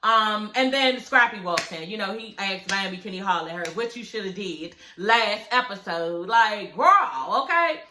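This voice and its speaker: A young woman, casually recapping a reality TV episode, profane and animated, talking straight to her viewers. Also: medium pitch, moderate pace, hardly any pauses, roomy sound, slight background noise, poor audio.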